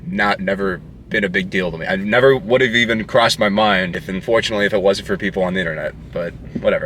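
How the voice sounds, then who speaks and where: A man's voice: low-pitched, fast, a bit bright, a little hiss or hum. Rambling, joking young man vlogging outdoors. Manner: rambling, joking, self-interrupting. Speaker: motorcycle vlogger. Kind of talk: casual vlog chat. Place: outdoor parking lot. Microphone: action camera.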